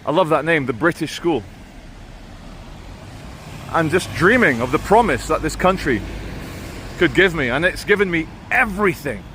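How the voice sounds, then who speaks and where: Street noise surrounds this Brazilian man, raised in Britain, as he vlogs while strolling through a town. His voice sits on the high side, animated and a bit bright, at normal speed with frequent pauses, and his casual talk rambles, self-corrects and offers plenty of opinions.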